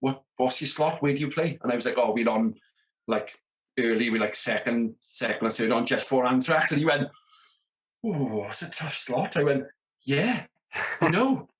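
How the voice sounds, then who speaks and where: A South Welsh man in his thirties, from near Merthyr Tydfil, is telling casual tour stories as a podcast guest. He's a rock drummer with a mid-range, animated voice at a moderate pace, who plays out the dialogue and scatters "you know what I mean" throughout.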